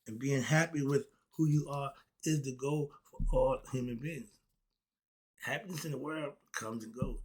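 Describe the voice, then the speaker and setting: A man's voice: mid-range voice, moderate pace, darkish tone, slightly rough. A man giving a casual spoken lecture on self-knowledge and happiness, in a preachy way that asks questions and answers them himself. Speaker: self-help philosophy talk host.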